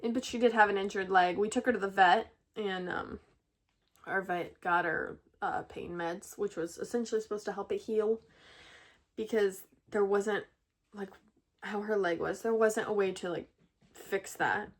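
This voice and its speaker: A woman's voice: medium pitch, fairly even intonation, normal speed. A young woman vlogging at home, telling a rambling story to camera, full of fillers and restarts. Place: at home with pet rabbits.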